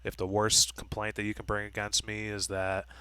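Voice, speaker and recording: A man's voice: lowish voice, monotone, moderate pace, pushed and bright, clean tone, no room sound, low-quality recording. A man talking straight to camera in a blunt, profane, lecturing monologue. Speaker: vlogger.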